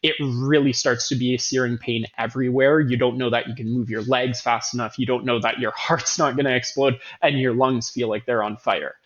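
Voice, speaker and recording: A man's voice: medium pitch, fairly even intonation, a little fast, hardly any pauses, a bit bright. Earnest man on slightly dull audio. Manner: earnest, self-correcting, emphatic repetition. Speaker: running coach host. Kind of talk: casual podcast talk.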